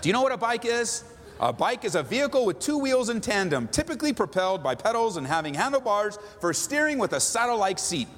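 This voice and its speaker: A man's voice: high-pitched, sing-song, a little fast, a bit bright, in a large hall, a little hiss or hum, voice pushed up. A man doing a pedantic lecturing teacher. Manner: dry, explaining, textbook-like.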